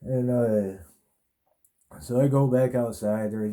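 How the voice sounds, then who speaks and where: A man's voice: medium pitch, steady tone, slow, warm tone. A man hosting a podcast, telling a personal story in a rambling, casual way, swearing a lot. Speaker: podcast host.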